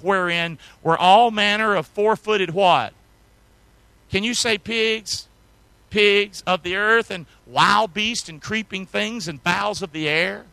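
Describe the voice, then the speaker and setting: Man preaching in a call-and-response style, high bright voice, dry recording. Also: gravelly, no echo, rough recording. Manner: call-and-response, asks congregation to say words; reads archaic scripture aloud with emphasis. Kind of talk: sermon with scripture reading.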